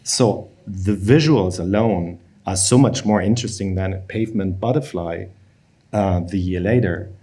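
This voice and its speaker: Male curator, low mellow voice, measured and hesitant, panel guest. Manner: measured, hesitant, many fillers. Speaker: film museum curator. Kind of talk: live panel Q&A.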